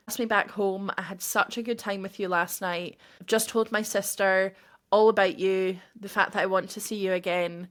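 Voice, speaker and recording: Woman, podcast host, animated storytelling, acts out voices, mid pitch. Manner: animated, acts out quoted dialogue. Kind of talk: personal storytelling.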